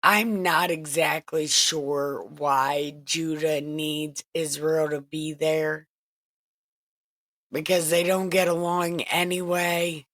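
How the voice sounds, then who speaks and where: A woman host with a low voice retells Bible stories casually and irreverently, swearing and cracking wise. She was recorded in a makeshift home setup with no echo.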